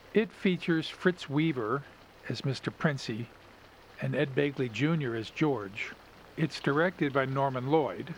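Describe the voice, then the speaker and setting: Male podcast host, measured and analytical, faint hiss behind. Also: medium pitch. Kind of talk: story review and reading.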